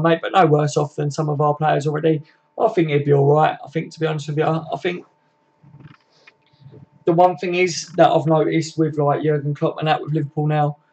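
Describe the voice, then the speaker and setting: A man's voice: on the high side, darkish tone. A man hosting a casual football fan live stream, reading out chat comments in a laddish way, swearing and calling viewers mate. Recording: dull lo-fi stream audio.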